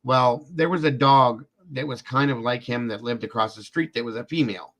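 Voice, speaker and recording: A male livestream host in a loose, chatty storytelling mode. He wanders through the story with fillers and repetitions like "this and that," and talks straight to the people watching. His voice sits at an ordinary middle pitch. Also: moderate pace, fairly bright tone. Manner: rambling, repeats himself with fillers like "this and that"; speaks directly to viewers in chat. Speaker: host of a live true-crime show.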